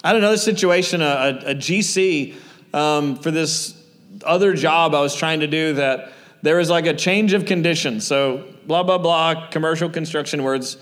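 Male preacher, earnest and chatty, slightly high voice, long hall reverb. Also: normal speed, fairly bright tone. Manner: earnest, conversational, many fillers. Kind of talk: sermon.

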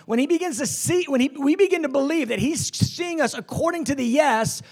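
A male preacher delivers a passionate sermon. His voice sits high and has a gravelly edge, and he swings between loud declarations and soft, hushed stretches. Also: brisk.

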